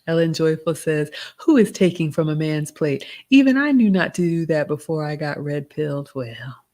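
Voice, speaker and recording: A middle-aged woman, hosting a live Q&A, reading out chat comments and giving gentle advice in a casual tone. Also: low-pitched. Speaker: livestream host answering chat questions.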